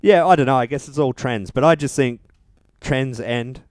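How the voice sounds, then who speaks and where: A man's voice: mid-range voice, normal speed, darkish tone, no echo. A man co-hosting a podcast in casual chat, giving rambling opinions with dry, wry humour. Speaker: podcast co-host.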